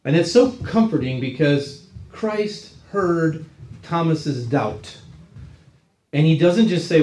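A man's voice: fairly high pitch, lively intonation, slow pace, a little mellow. Man teaching a Bible class, roomy echo. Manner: conversational, checks in with 'right?' tags.

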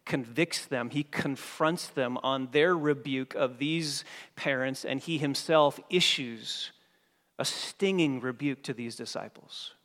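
Slow, emphatic preacher in a reverberant hall. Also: male voice, medium pitch, a bit bright. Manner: emphatic, repeats key phrases, slows on words for stress. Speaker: pastor. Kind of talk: sermon.

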